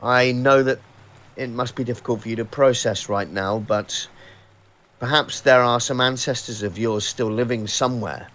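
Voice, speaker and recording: A man plays a tabletop game in character. He speaks in a calm, measured way. His voice sits at a middle pitch. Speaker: player.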